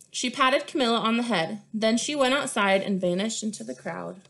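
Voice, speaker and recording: A woman's voice: a little high, normal speed, few pauses. Woman reading a picture book aloud. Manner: expressive and clear, showing pages. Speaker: storyteller.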